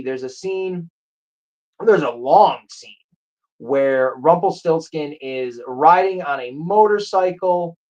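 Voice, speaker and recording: Enthusiastic rambling host, casual chat, mid-pitched voice, slightly muffled lo-fi recording. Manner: rambling, enthusiastic, with self-corrections. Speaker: show host reviewing a movie.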